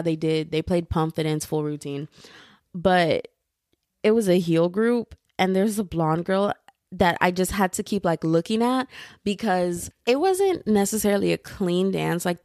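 A woman's voice: medium pitch, darkish tone, no room sound, studio quality. A young woman hosting her own podcast, rambling in casual chat and laughing often. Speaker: podcast host.

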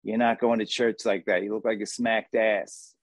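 A man's voice: on the low side, level tone, normal speed, dry recording, clean studio sound, natural voice. A man voicing a disappointed, nagging older mother in a New Jersey accent. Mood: scolding. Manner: exasperated scolding.

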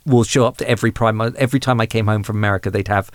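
A man's voice: on the low side, rapid-fire, no room sound. Candid man telling a personal story. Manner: candid, self-deprecating, animated when amused. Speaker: guest, humanist chaplain. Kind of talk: personal storytelling in a podcast interview.

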